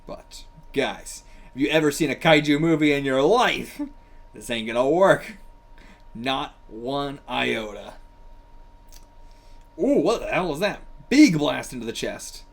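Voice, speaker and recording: A man hosting a casual manga reaction, excitable and loose-tongued, swearing freely and laughing often as he comments. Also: medium pitch, measured pace, vocal fry, pauses often.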